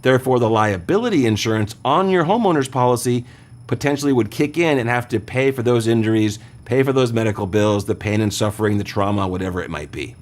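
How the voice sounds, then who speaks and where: A man's voice: mid-range voice, fast, a little mellow. A man hosting an insurance show, answering listener questions in a conversational, explanatory way and often checking in with the listener.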